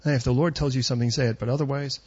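Husky man preaching a sermon. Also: mid-range voice, fairly even intonation, rapid-fire, highs cut off. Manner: storytelling, rising to emphatic near-shouting peaks. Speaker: pastor.

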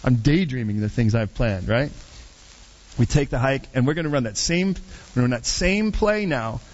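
A middle-aged man preaching a sermon through a personal story, animated and rambling, with many restarts and asides. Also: medium pitch, moderate pace, highs cut off.

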